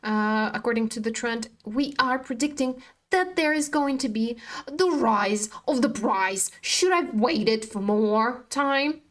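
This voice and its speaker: A woman's voice: fairly high pitch, unhurried, a bit bright. A woman hosting a trading livestream, talking frankly and profanely about being tired while she chats with viewers. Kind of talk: casual live-stream commentary.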